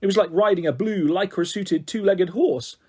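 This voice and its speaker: A man reading a children's book aloud, expressive and animated. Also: high voice, normal speed, breathy edge. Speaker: narrator. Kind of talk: audiobook reading.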